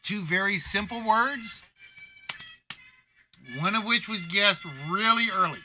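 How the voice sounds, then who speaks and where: A man's voice: high voice, slow, sharp tone, faint music behind. A man hosting a live-streamed game show, chatting playfully and nudging players toward answers. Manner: chatty and playful, giving hints and joking with players.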